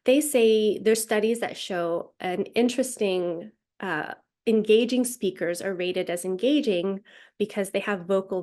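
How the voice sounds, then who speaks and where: A woman presenting a science communication webinar in a casual, chatty way with frequent fillers, speaking over a video call. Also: medium pitch.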